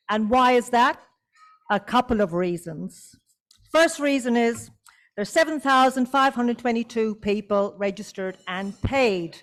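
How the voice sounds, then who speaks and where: A woman's voice: a little high, lively intonation, a little slow, low-quality recording. An Australian woman, a committee chair, addresses a club meeting in a hotel function room, teasing and coaxing the audience. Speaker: convention committee chair giving an update.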